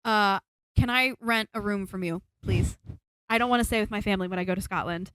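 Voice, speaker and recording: A woman's voice: mid-range voice, brisk, a bit bright, smooth, no echo. Chatty young woman co-hosting a podcast. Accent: slight Southern US. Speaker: podcast co-host. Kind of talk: casual chat.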